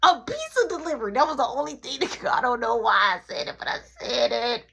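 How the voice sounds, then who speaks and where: Young woman storyteller, lively swooping pitch, higher voice, casual. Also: a little fast, gravelly, breathy edge. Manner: animated, swooping, repetitive storytelling. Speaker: vlogger.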